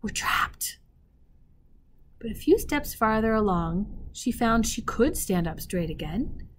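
A woman teacher reading a children's novel aloud expressively, pausing to speak directly to her listeners. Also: on the high side, a little hiss or hum. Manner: expressive, pauses to talk to listeners.

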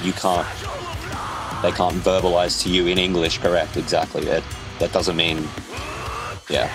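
Very deep-voiced halting male guest. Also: monotone, over music, low-quality recording. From Australia. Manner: halting, restarts a lot, swears, impassioned. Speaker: podcast guest, musician. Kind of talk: casual podcast interview chat.

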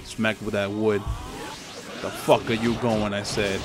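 A man's voice: on the low side, little pitch movement, measured pace, long pauses, music in the background. Trash-talking young man with a Spanish accent. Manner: profane, trash-talking, rambling. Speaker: gaming channel host. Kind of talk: live gameplay commentary.

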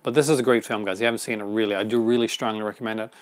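Quick, rambling male host. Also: fairly low pitch, fairly even intonation. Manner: rambling, quick, chuckling often. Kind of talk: casual live unboxing chat.

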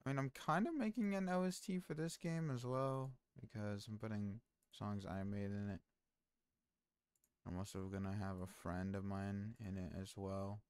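A man's voice: lowish voice, steady tone, normal speed, darkish tone, clear, resonant tone, no echo. A man streaming, chatting casually with his viewers in a rambling way full of fillers and restarts. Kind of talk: casual stream chat, reading chat aloud.

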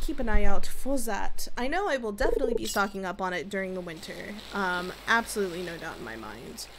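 A woman's voice: medium pitch, background noise. A young woman giving playful, chatty commentary while playing a farming game, talking to herself and her viewers. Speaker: gaming youtuber. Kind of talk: casual let's-play commentary.

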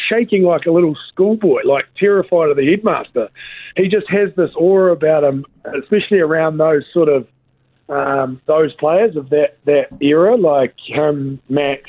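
Over a tinny phone line, a New Zealand man who used to play rugby chats casually as a guest, rambling along with lots of fillers. His voice is fairly high, and there is no room sound.

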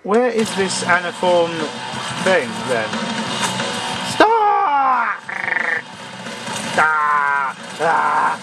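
A man commentating a video game, exasperated, often yelping and shouting at the game. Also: on the high side, animated, slow pace, music in the background. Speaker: gamer. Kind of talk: let's play commentary. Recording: loud game sounds behind voice.

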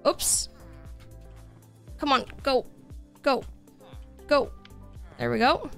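A woman's voice: high-pitched, lively intonation, drawn-out words, fairly bright tone, soft background music. A young woman streaming a building game, chatting casually and upbeat with lots of fillers. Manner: chatty and upbeat, many fillers, reads chat aloud. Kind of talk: casual live-stream chat.

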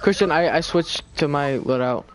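A man's voice: a little high, moderate pace, slight background noise. A man chatting casually while playing a multiplayer game with friends, teasing them and laughing often.

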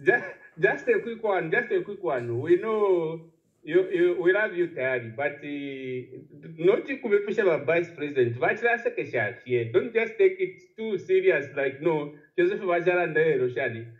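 A man's voice: a little high, expressive, normal speed. Man calling in on a tinny line. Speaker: caller. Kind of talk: phone-in comment.

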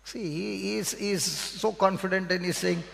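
A man with an Indian English accent preaches in a high, gravelly voice. He drives each point home by repeating it and quizzing the congregation. The sound carries a long echo from the hall. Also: steady tone, moderate pace, fairly bright tone. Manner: repetitive, emphatic teaching with call-and-response questions. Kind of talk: sermon. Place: church hall. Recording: reverberant hall.

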